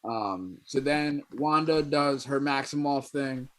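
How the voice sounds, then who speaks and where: A man on a casual podcast walks through a plot step by step. His pitch is middling for a man, and he leans on fillers as he goes. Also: slow pace, a bit bright. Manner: narrates plot steadily with fillers. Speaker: podcast co-host. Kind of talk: casual recap chat.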